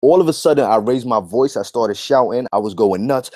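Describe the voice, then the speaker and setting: A man's voice: medium pitch, animated, fairly quick, hardly any pauses, darkish tone, dry recording, studio quality. A man giving a heated vlog rant, emphatic and repetitive, with blunt profanity. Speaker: YouTube commentator.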